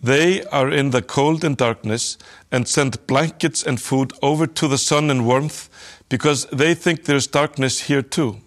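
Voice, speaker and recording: A man voicing a boastful, mocking character in a storybook reading, jeering and loud. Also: mid-range voice, a little slow, close to an everyday voice. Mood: gleeful. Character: mocking boastful man who laughs at others.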